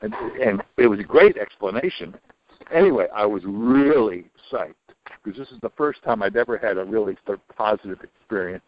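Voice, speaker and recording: A retired older man telling a long personal story in an interview, rambling with many restarts and dropping into low, muttered asides. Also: expressive, fairly quick. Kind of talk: casual storytelling. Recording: dull lo-fi recording.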